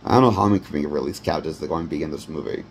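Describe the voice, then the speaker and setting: A man's voice: extremely low pitch, rapid-fire, a little hiss or hum. A man giving a rambling, blunt and profane movie review. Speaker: movie critic. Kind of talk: ranting film review.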